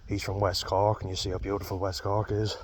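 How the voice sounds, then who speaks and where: Deep-voiced blunt Irish man. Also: monotone, fairly quick, slight background noise. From Ireland. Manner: rambling, blunt, sweary, chuckles often. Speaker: vlogger. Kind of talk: casual vlog while walking a dog outdoors. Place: outdoors on a walk. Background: faint outdoor ambience, dogs barking.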